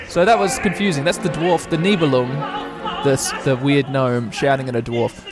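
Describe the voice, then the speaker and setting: A man giving rambling, excitable live reaction commentary with lots of fillers. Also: medium pitch, moderate pace. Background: opera music.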